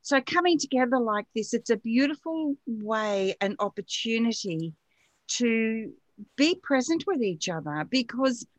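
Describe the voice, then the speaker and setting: A woman's voice: on the high side, expressive, measured pace, no echo. Woman host welcoming listeners, dry sound. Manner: gushing welcomes with hesitant fillers. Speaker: radio show host. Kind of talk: live stream hosting.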